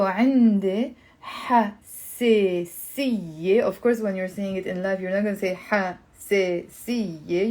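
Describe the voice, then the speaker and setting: An upbeat woman leads a live online language lesson. She coaxes her viewers to repeat after her and says each word slowly. Her voice sits a little high. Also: a little mellow, poor audio. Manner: upbeat, coaxing, repeats words slowly for learners. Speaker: language teacher.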